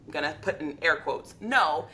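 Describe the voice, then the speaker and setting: Low-voiced woman interview host. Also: lively intonation, moderate pace, fairly bright tone, a little hiss or hum. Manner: reflective, often adds "right?" tags. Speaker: podcast host, veterinarian. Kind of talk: conversational interview.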